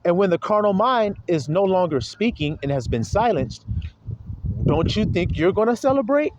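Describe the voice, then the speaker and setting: Male preacher, sermon, rhetorical questions, high-pitched, lively intonation. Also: moderate pace, dull audio, background noise. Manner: calls listeners little flock.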